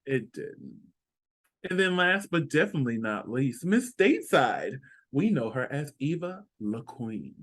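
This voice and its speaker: A man's voice: medium pitch, very animated, a little slow, a bit bright. A man co-hosting a casual review chat, talking in a conversational, opinionated way and often restarting his thoughts. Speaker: co-host reviewing a TV show.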